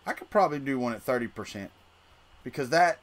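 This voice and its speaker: A man's voice: mid-range voice, animated, fast. A middle-aged man, hosting a casual livestream and rambling to his chat while he tinkers. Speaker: livestream host.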